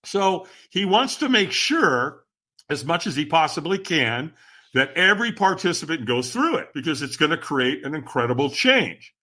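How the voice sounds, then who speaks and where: A man with a fairly high, bright voice recounts a story as a podcast guest. His pitch swings widely and his delivery is dramatic and lively. He often turns to the host while he talks. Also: normal speed. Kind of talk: animated storytelling.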